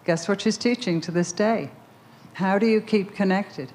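A woman's voice: mid-range voice, normal speed, a little mellow, slight background noise. A woman preaching a sermon, telling a story with emphatic repetition before leading a prayer. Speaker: speaker at a Bible conference.

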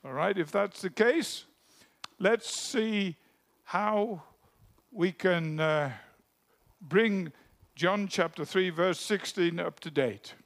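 A male preacher with a gravelly, slightly higher-than-average voice, speaking slowly and deliberately. He tells stories in his sermon, dropping to a hush and then lifting his voice for emphasis. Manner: storytelling, drops to a hush for anecdotes then rises with emphasis.

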